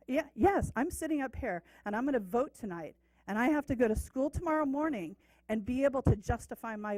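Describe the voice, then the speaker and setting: A woman's voice: mid-range voice, darkish tone, dry recording, low-quality recording. A middle-aged woman on a city council addresses the public from the dais. She speaks emphatically and insists on her points, often repeating them for force. Her voice comes through a desk microphone with a dry, close sound. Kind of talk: speech at a council meeting. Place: council chamber, seated at the dais.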